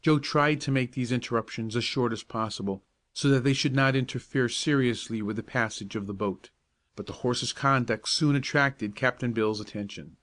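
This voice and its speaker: Calm male bedtime-story narrator. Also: medium pitch, normal speed. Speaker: audiobook narrator.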